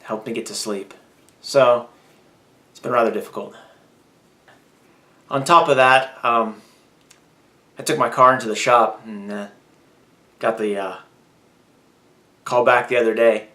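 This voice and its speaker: A man's voice: medium pitch, steady tone, a little slow, long pauses, sharp tone. A man talking candidly in a personal vlog, venting and growing heated and emphatic as he goes. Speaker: vlogger.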